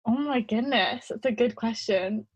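A young woman chatting on a podcast, bubbly and quick to giggle, with plenty of "like" in every sentence. Her voice has a soft, slightly breathy edge, and it is recorded close and dry. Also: a little high, no room sound, dull audio. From United Kingdom. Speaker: guest. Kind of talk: casual podcast interview.

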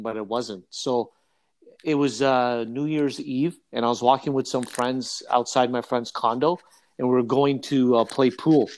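A young man chatting on a casual podcast. He tells his story with energy and acts out what everyone said. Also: mid-range voice. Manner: animated storyteller, acts out quotes. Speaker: podcast co-host.

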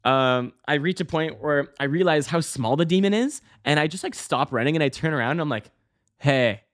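A man's voice: lively intonation, brisk. Rambling man swearing through a podcast story. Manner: rambling, many fillers and restarts, swearing; bursts into loud high-pitched exclamations when acting out scenes. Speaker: podcast host. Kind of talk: casual storytelling monologue.

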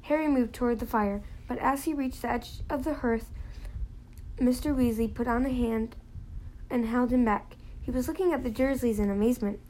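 A woman's voice: fairly high pitch, moderate pace, a little mellow, slight background noise, poor audio. A woman reading a novel aloud in a plain manner, now and then slipping and restarting a phrase. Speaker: reader.

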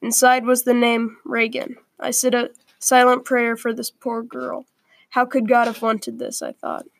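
A woman reading a first-person story aloud in a quiet, earnest way, with small slips along the way. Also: on the high side, measured pace, creaky, no echo.

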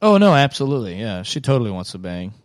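A man's voice: fairly low pitch, big pitch swings, fast, no room sound, studio quality. A man chatting casually as a co-host, crude and blunt, often laughing at himself. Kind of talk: casual chat.

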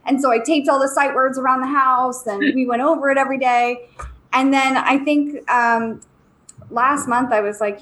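A woman's voice: high voice, fairly even intonation, normal speed, fairly bright tone, poor audio. A woman who co-hosts a podcast and is a mother of three, talking in a candid, chatty, self-deprecating way. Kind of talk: casual podcast conversation.

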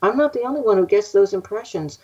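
A woman's voice: medium pitch, animated, fast talker, darkish tone, slightly rough. An older woman, a psychic guest, telling stories in a casual interview, chatty and laughing often. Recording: muffled lo-fi audio.

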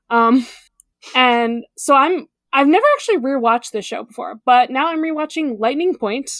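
High-pitched woman rambling on a podcast, swears a lot, dry close mic. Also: normal speed, dry recording. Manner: rambling, sweary, animated storytelling. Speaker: podcast co-host. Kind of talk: casual chat.

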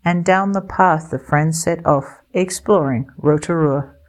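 Slow, low-voiced woman reading a storybook. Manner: slow, clear and gentle for learners. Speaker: storyteller for English learners. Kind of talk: read-aloud picture book narration.

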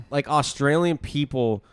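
A man's voice: fairly high pitch, takes it slowly, smooth, dry recording, clean studio sound. Blunt young man ranting on a podcast. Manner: blunt, profane, exasperated rants. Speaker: podcast co-host. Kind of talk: casual chat.

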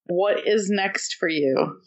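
A young woman hosting an interview, asking questions in a relaxed, friendly way. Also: medium pitch, slow. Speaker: interviewer, host. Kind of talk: casual interview chat. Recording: dull lo-fi sound.

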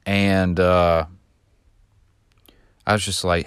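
A young man speaks in a very deep, low voice and talks casually to his listeners. He rambles through a long personal story and grows animated when he reenacts shouted lines. The sound is dry and close, with hardly any room echo. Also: a little slow, pauses often. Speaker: podcast host.

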